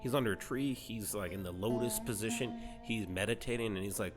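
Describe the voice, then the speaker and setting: Guy retelling a story all slangy and sweary, low voice, guitar music playing behind. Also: a little fast. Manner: profane, slangy, rambling with lots of "right?". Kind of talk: comedic storytelling explainer.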